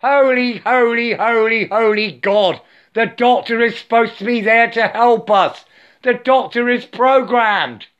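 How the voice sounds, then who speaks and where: Here an older man's very high, slightly bright voice has a clean tone and a somewhat slow delivery. His monologue to the camera is furious, foul-mouthed and sermonizing, full of repetition, with "I" substituted for "my." The audio is dull and lo-fi.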